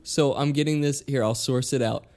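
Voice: medium pitch, fairly even intonation, normal speed, a little mellow. A podcast co-host in casual chat, playful and teasing, reading headlines aloud with relish.

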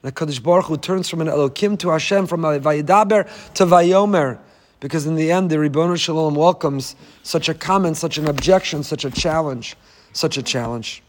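A man, a rabbi, giving a passionate sermon with dramatic swings between loud declarations and hushed, tender phrases. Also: a little high, brisk. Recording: long hall reverb.

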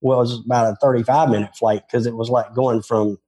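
A man's voice: mid-range voice, little pitch movement, fairly quick, dark tone, breathy edge. An older man from Tennessee with a Southern accent, telling rambling, self-deprecating stories about his golf career in an interview. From Memphis, Tennessee. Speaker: former touring golf pro, interviewee. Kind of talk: casual interview storytelling.

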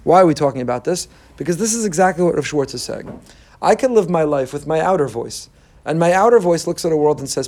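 A man's voice: expressive, quick pace, darkish tone. A man, a rabbi giving an emphatic Torah class, reading Hebrew text aloud and translating it. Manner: emphatic, rises in pitch when making a point.

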